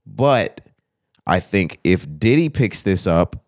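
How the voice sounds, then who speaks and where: A man co-hosting a podcast, talking casually in a blunt, profane, animated storytelling manner. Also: sits low, takes it slowly, vocal fry. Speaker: podcast co-host. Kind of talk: casual chat.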